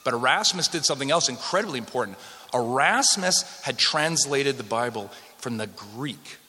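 A man's voice: medium pitch, lively intonation, normal speed, bright, forceful tone. A man from Western Canada giving a conversational history lecture to a live audience, joking with the room as he goes. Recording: long hall reverb.

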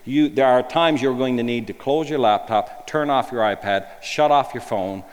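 A man delivers a sermon in a middle-pitched voice. He talks to the congregation conversationally and keeps asking rhetorical questions. He moves between emphatic bursts and quiet, hushed lines. His voice carries a long reverb, as in a large church hall. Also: moderate pace. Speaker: preacher.

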